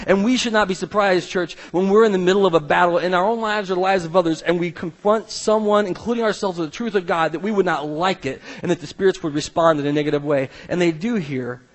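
A male pastor preaching a sermon to a church, animated, acting out the Bible's voices. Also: high-pitched. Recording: long reverb of a large hall.

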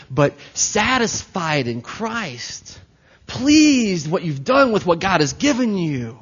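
A man preaching a sermon to his church, animated and playful, swinging between soft asides and loud bursts. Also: a little high, slightly rough, muffled recording. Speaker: pastor.

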